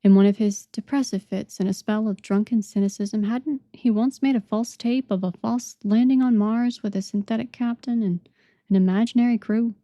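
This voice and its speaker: A woman narrates an audiobook in a measured, dramatic style, her medium-pitched voice dark and mellow. The recording is close and dry, with no room sound.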